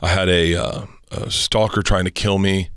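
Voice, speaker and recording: A man's voice: sits low, fairly even intonation, moderate pace, a bit bright, clean tone, no echo, studio quality. A middle-aged man from Florida, a touring comedian telling a personal story as a guest in casual, profane, rambling chat.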